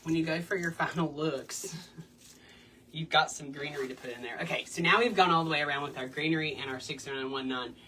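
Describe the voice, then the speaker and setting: A woman's voice: sits low, fairly quick, sharp tone, far from the mic. Chatty woman demoing crafts. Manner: chatty, bubbly, breaks into little sing-song bits. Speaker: wreath-making tutorial host. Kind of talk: casual crafting demo chat. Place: home craft room.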